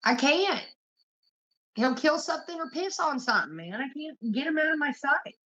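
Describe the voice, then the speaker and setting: A woman's voice: high voice, lively intonation, moderate pace, a bit bright. A young woman hosting a livestream, telling rambling stories full of profanity in casual chat. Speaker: livestream host. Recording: muffled lo-fi stream audio.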